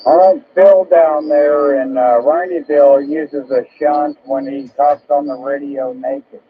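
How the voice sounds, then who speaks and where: A man's voice: a little high, steady tone, a little slow, phone-quality sound. A man from southern Indiana chatting and joking on a ham radio net in a friendly, talkative way. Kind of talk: casual radio chat. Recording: shortwave radio with light static.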